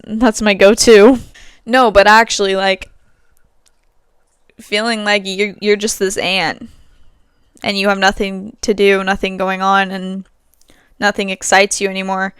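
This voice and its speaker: A young woman hosts a podcast from home and talks through a candid, rambling monologue. Her voice is smooth and clear, recorded dry and close, with no room sound around it. She leans on fillers and laughs easily as she goes. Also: medium pitch, fairly even intonation, moderate pace, fairly bright tone, no echo. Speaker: podcast host. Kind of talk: casual monologue.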